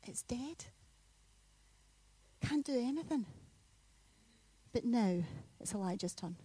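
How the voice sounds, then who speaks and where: A woman preaching a sermon in a church, telling a story with lively bursts of loud emphasis. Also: a little high, slow, husky, no room sound. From Scotland. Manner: animated storytelling with sudden loud peaks.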